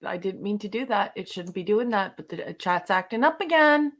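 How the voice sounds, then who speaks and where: A woman co-hosting a casual live stream, playful and quick to laugh. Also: medium pitch, animated, a bit bright. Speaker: co-host.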